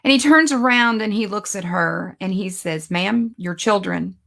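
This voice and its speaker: A woman giving a conversational sermon, telling stories and slowing down to stress her points. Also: mid-range voice, animated, a bit bright. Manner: conversational, storytelling, self-deprecating asides. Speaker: speaker teaching a Bible lesson.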